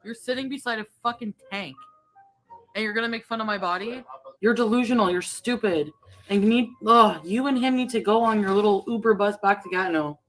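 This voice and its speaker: A woman's voice: mid-range voice, fairly quick, a little hiss or hum, rough recording. Woman hurling profane insults. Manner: vulgar, shouting insults.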